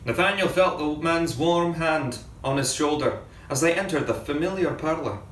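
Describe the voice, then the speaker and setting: A man, a ship captain, reading a story aloud in a measured storytelling manner, recorded from a distance in a reverberant room with faint background ambience. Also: a little high, fairly bright tone, slight background noise.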